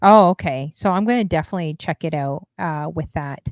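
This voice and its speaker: A woman's voice: low voice, fairly quick, a little mellow, no echo, lo-fi sound. A woman hosting a casual interview, talking in a chatty, rambling way with lots of fillers and some exasperation. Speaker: interview host and DJ streamer.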